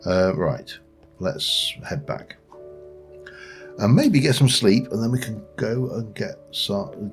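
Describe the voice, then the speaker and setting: A man hosts a gameplay video in a casual, meandering way and chats to the creatures on screen. His voice sits fairly low but moves around a lot in pitch. Soft background music plays quietly beneath him. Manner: meandering, talks to game creatures. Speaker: gaming channel host. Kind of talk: casual let's play commentary. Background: faint background music.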